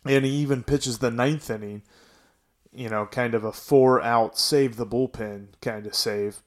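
A man hosting a sports podcast, talking casually and venting frustration with frequent restarts. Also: medium pitch. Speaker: podcast host.

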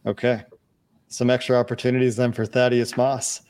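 A man's voice: medium pitch, flat delivery, normal speed, a little mellow, smooth. A man hosting a sports podcast in casual chat, asking his co-host questions and closing the show. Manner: steers the talk, asks questions, signs off the show.

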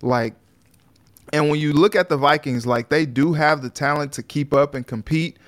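A man co-hosting a sports talk show in a relaxed, rambling way with lots of fillers. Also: a little high, moderate pace. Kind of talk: casual sports chat.

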